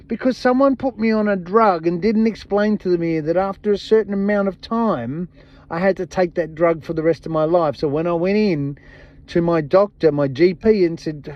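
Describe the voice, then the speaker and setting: A man's voice: sits high, normal speed. A man hosting a podcast, giving an impassioned, blunt monologue full of swearing and repeated emphatic phrases. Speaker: podcast host. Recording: dull lo-fi sound.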